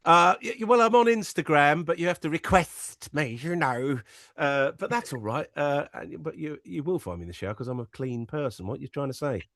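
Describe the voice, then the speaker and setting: A man's voice: fairly high pitch, lively intonation, a little fast, a bit bright, dry recording, clean studio sound. A man as a comedian guest in casual banter, teasing and playful. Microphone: headphones.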